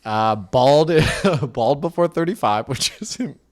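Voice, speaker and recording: A man's voice: mid-range voice, expressive, takes it slowly. A man co-hosting a casual podcast, telling a story in a rambling way and laughing mid-sentence. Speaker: podcast co-host.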